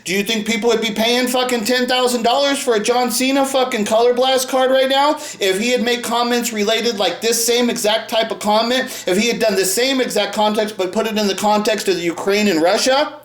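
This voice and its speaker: A man's voice: very high voice, fairly even intonation, fairly quick, few pauses, fairly bright tone. Angry profane man ranting in echoey room. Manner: heated, profane, mocking put-on voices. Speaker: sports card YouTuber.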